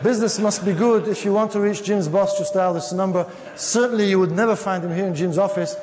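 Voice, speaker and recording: A man's voice: sits high, steady tone, fairly quick, darkish tone, natural voice. A man voicing a polite, evasive answering machine that grows flustered. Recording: long reverb of a lecture hall.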